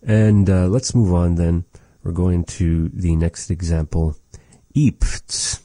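A man teaching vocabulary in a casual lesson, repeating each word slowly with chatty asides. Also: sits low, flat delivery, mellow, no room sound. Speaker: language teacher.

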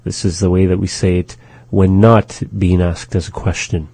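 A man hosting a radio language lesson, patiently repeating phrases slowly for learners. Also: low-pitched, little pitch movement, mellow, husky, dry recording. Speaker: language teacher on a radio show. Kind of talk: slow, repetitive language lesson.

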